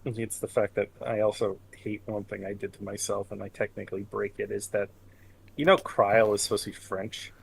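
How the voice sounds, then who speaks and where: A man's voice: on the low side, flat delivery, normal speed, vocal fry, slight background noise. A man from Canada chatting casually as game master before a tabletop session, mumbling at times and swearing freely when he rants.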